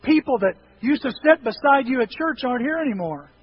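A middle-aged male pastor preaching a sermon in a church, telling lively stories with self-deprecating humor. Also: extremely high pitch, brisk, slightly rough, highs cut off. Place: church sanctuary.

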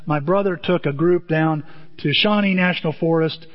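A middle-aged man preaching a sermon, telling stories with lively jumps in pitch and quick asides. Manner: animated storytelling with sudden pitch jumps and asides. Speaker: pastor. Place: church auditorium. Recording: dull sound in a reverberant hall.

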